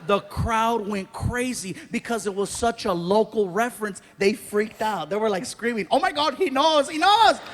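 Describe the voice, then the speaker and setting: A man doing stand-up comedy, telling a story in an animated, self-mocking way. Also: high-pitched, slight background noise. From Mexican-American. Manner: animated, self-mocking, many voices and laughs.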